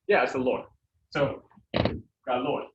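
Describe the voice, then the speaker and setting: A man's voice: mid-range voice, moderate pace, background noise. A man teaching a Spanish pronunciation lesson to a class, explaining casually with many fillers. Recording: echoey, distant, dull classroom recording.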